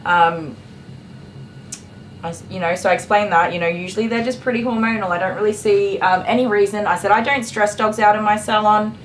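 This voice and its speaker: A woman's voice: mid-range voice, fairly even intonation, brisk. A dog groomer hosting a casual livestream, a woman telling stories about a customer in a chatty, exasperated way. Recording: echoey room with faint clipper noise.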